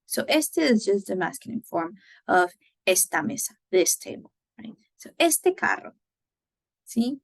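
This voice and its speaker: Gravelly-voiced woman teaching a language lesson. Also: mid-range voice, big pitch swings, a little slow, no echo. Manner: explains patiently, often checks in with "right?"; switches between English and Spanish examples. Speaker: Spanish teacher. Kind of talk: recorded classroom lecture.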